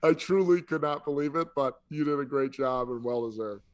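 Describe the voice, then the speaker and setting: A man's voice: medium pitch, brisk. A man co-hosting a podcast in casual chat, enthusiastic and full of "like" fillers. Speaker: podcast co-host.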